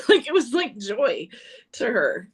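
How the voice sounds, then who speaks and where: A woman's voice: fairly high pitch, very animated, slow pace, breathy edge. Chatty woman sharing personal stories. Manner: chatty, laughs often, restarts a lot. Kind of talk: casual personal chat.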